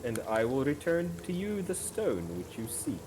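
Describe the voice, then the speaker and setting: A man's voice: mid-range voice, sing-song, normal speed, noisy background, close to an everyday voice. A man voicing a smug fey creature who offers bargains in a grand, teasing manner. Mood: sly.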